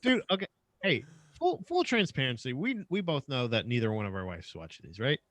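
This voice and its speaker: A man's voice: mid-range voice, sing-song, a little fast, a bit bright, no echo. A man co-hosting a podcast, trading crude, self-mocking banter in a casual chat. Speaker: podcast co-host.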